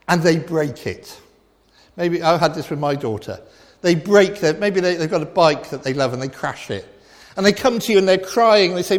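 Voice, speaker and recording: A middle-aged man preaches with emphatic, repeated declarations, his slightly high voice lifting for big points and dropping low for quiet ones. A long reverb trails off each phrase, as in a large church hall. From England. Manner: emphatic and repetitive, swinging from loud declarations to quiet reflection. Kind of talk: sermon.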